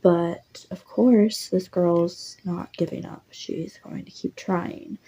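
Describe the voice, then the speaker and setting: A woman's voice: lowish voice, fairly even intonation, slow, warm tone, husky. A woman narrating a story in a casual, rambling way, full of fillers. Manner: rambling, lots of "like". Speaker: voice actor narrating.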